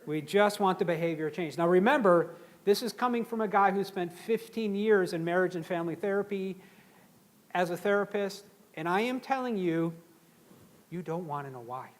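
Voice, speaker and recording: A middle-aged man giving a lively leadership seminar, often throwing questions to the audience. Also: sits high, normal speed. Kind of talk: live seminar talk to an audience.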